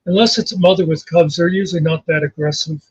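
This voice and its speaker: High-voiced man on a muffled line. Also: steady tone, fast, slightly rough, dry recording. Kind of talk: casual chat.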